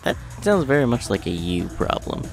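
A man's voice: medium pitch, big pitch swings, moderate pace, gravelly, music in the background. A man on a casual podcast, making dry, wry remarks over a voice call. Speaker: podcast co-host. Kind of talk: casual chat.

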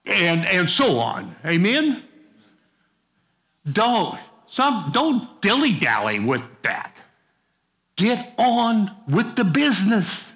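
A man's voice: high voice, wildly swooping pitch, takes it slowly, a bit bright. A middle-aged male pastor preaching a sermon in a folksy, conversational way, with casual asides to the congregation.

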